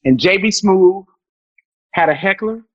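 Woman comic guest on a podcast, loud and animated, cussing, kinda muffled dry audio. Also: medium pitch, measured pace, breathy edge, no echo. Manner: animated, profane, bursts of loud laughter. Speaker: guest comedian. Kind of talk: storytelling in a podcast interview.

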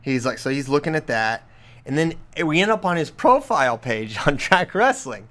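A man's voice: fairly high pitch, big pitch swings, moderate pace, a bit bright. A man co-hosting a casual wrestling talk show, telling a story with a laugh and acting out the lines he quotes. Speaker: podcast co-host. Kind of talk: casual chat.

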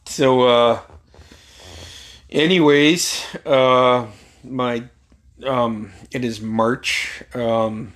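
A man's voice: mid-range voice, steady tone, extremely slow, pauses often, fairly bright tone. Profane storytelling man, middle-aged. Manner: profane, rambling, laughs while telling. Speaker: solo podcast host. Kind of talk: casual storytelling monologue.

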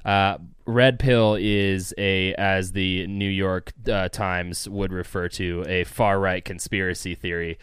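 A man co-hosting a casual political podcast. His voice is deep and smooth, and the room is dry. He speaks bluntly, with sarcasm and swearing. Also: level tone, slow pace, hardly any pauses, a bit bright, no echo. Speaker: podcast co-host, the Wolf. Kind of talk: casual political commentary chat.

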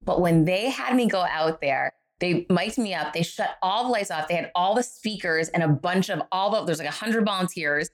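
A woman's voice: fairly low pitch, moderate pace, few pauses. A middle-aged woman, a guest author, telling a story in a podcast interview and acting out the voices of the people in it. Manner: animated, acts out quoted voices.

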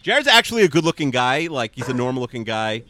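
Male co-host, dry teasing delivery, sharp bright tone. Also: very animated, fast talker, dry recording. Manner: dry, teasing, trails off low. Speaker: podcast co-host. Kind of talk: casual chat.

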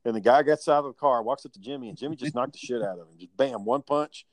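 A man's voice: mid-range voice, fast talker, no room sound. Profane man telling family stories. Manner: rambling, profane, laughing. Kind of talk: casual storytelling chat.

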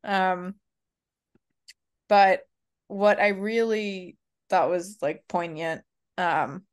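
A woman co-hosting a podcast in casual chat, halting with fillers and restarts. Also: fairly low pitch, steady tone, clear, resonant tone. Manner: hesitant, many fillers and restarts. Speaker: podcast co-host.

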